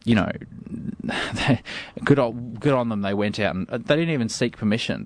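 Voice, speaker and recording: Radio panelist, male, firm and argumentative, lower voice, dry close mic. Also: lively intonation, normal speed, no room sound. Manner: emphatic, argumentative, repeats himself when starting. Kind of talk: studio debate.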